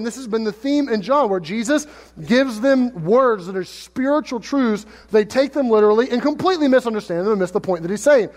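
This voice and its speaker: A man's voice: very high voice, expressive, fairly quick, darkish tone, long reverb tail. A man preaching a sermon as pastor, conversational and joking, tossing out rhetorical questions.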